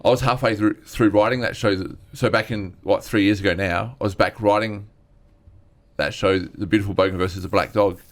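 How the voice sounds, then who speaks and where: Speaking fairly quickly in a lowish, steady voice, a stand-up comedian being interviewed rambles earnestly through personal stories. He acts out what others said as part of the candid storytelling conversation.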